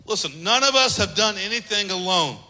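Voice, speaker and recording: A man's voice: high voice, lively intonation, brisk, sharp tone. A man preaching a sermon as pastor, emphatic, repeating phrases and acting out little quotes. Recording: long hall reverb.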